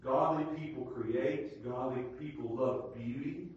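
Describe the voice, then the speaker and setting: A man preaching a sermon with great passion, dropping to a hush and then climbing to a shout. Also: mid-range voice, a little slow, lo-fi sound. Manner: impassioned preaching that swings from hushed to shouting. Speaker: pastor. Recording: echoey hall, distant mic, faint hiss.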